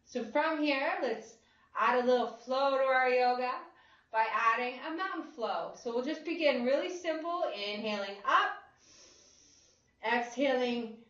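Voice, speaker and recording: Female yoga instructor, slightly high voice, slow unhurried delivery, recorded in a roomy space from a distance, dull sound. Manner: slow, calm guiding cues. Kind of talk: guided chair yoga instruction.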